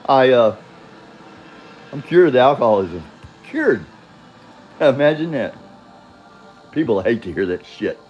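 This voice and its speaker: A man's voice: medium pitch, big pitch swings, takes it slowly, long pauses, dull audio, soft background music. An older man telling his own story in a rambling, casual monologue, blunt and profane, chuckling and drifting off on tangents.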